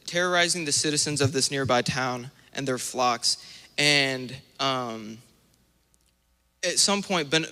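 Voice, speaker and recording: A young man preaches in a church sanctuary, his voice very bright and a little higher than most men's. He tells stories with animated acted-out asides. A long hall reverb trails every phrase. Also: smooth. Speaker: minister. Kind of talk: sermon.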